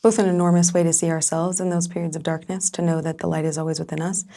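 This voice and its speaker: A woman's voice: fairly low pitch, level tone, fast, creaky, dark tone. A woman hosting a podcast, thoughtfully summarizing and affirming her guest's points. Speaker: podcast host. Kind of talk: reflective conversation.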